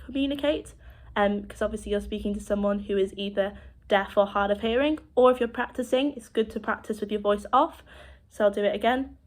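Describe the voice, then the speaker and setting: A woman with a British accent teaching children sign language, speaking slowly and clearly as she demonstrates each word. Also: mid-range voice. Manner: slow, clear demonstrating speech.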